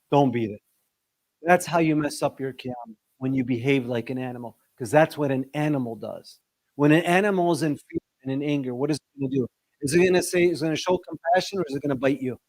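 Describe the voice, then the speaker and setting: Middle-aged male discussion leader, lively, questioning delivery, dry close sound. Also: a little fast, dry recording. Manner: lively, asks the audience questions, shifts pitch sharply for emphasis. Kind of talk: religious talk to an audience.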